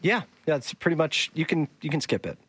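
A man co-hosting a radio show, chatting casually in an easygoing, chuckling, relaxed way. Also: on the high side, normal speed, breathy edge, dry recording. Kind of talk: casual chat on air. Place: radio studio. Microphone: studio microphone.

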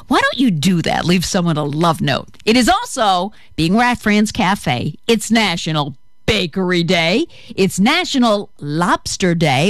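A woman's voice: on the low side, dry recording, studio quality. A woman hosting a radio show in a chatty, playful way, talking straight to her listeners. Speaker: radio host. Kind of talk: upbeat radio patter.

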